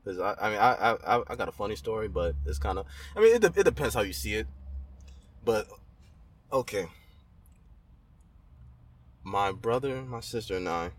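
Man with lively pitch in slangy chat. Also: moderate pace, pauses often. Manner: loose slangy talk, many restarts and backchannels. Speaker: podcast co-host. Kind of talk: casual chat.

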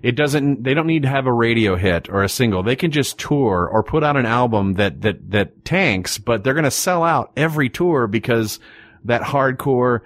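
Man, casual podcast chat, relaxed storytelling, dry sound. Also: medium pitch, normal speed, no echo.

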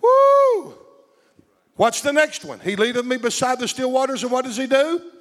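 Inside a church sanctuary, a man with a strikingly high voice delivers a fiery sermon a little fast, swinging from soaring shouts to low confiding asides. He calls on the congregation to respond, and his voice rings through the long reverb of the large church.

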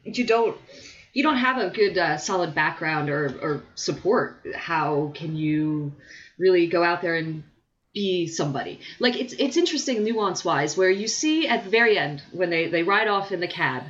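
A woman chatting casually about a film, retelling scenes in an animated way with fillers. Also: fairly low pitch, moderate pace. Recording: dull lo-fi sound.

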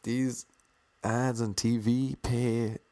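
A man's voice: medium pitch, little pitch movement, extremely slow, dark tone, no echo. A man vlogging casually as an aspiring actor, rambling and mocking himself. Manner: rambling, self-deprecating. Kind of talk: casual vlog monologue.

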